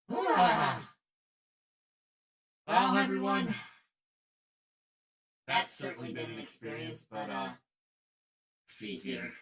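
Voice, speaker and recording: A man hosting a live stream party, animated and prone to sudden loud outbursts. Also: on the high side, recorded from a distance. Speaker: host.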